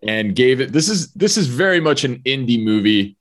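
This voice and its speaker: A man's voice: mid-range voice, very animated, normal speed. A man co-hosting a casual movie podcast, jokey and loose, with many fillers. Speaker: podcast co-host.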